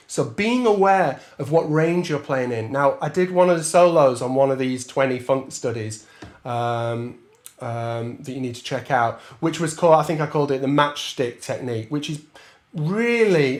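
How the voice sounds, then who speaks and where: A man gives a relaxed trombone lesson, talking through ideas in a loose, chatty way. His voice sits a little high for a man. He laughs often and breaks into scat syllables while counting out bars. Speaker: trombone teacher. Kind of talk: masterclass talk with sung counting.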